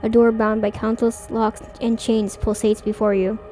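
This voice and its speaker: A woman's voice: a little high, flat delivery, normal speed, mellow. A young woman streaming a horror game, reading its text aloud in a playful, reactive way. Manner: playful, reactive, swears and laughs. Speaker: gaming streamer.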